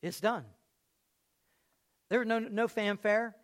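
High-voiced man preaching a sermon. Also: fairly even intonation, slow. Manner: storytelling, swings from hushed to loud.

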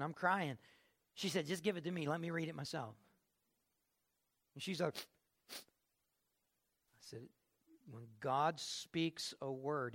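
Middle-aged man, pastor delivering a sermon, gravelly, slightly high voice, emphatic with loud swells. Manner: emphatic, swings from quiet to loud.

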